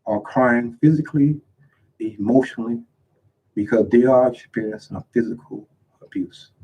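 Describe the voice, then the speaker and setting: A man's voice: mid-range voice, moderate pace, pauses often, dark tone, poor audio. Earnest man reading his own verse. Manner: reads his own poems aloud with rising emotional emphasis. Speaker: author reviewing his own book. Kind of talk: earnest spoken reading and commentary.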